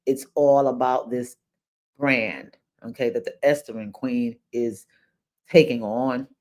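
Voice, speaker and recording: A woman's voice: extremely low pitch, steady tone, slow, a little mellow. An older woman from New York with a New York accent, hosting her own podcast in a chatty, unscripted monologue, repeating phrases and breaking into exclamations. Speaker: podcast host. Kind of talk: casual monologue.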